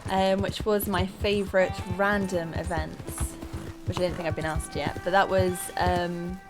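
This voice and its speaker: A woman's voice: lowish voice, flat delivery, a little slow. Chatty woman doing gameplay commentary. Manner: chatty and rambling, thinking aloud. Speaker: let's play gamer. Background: game music and horse hooves.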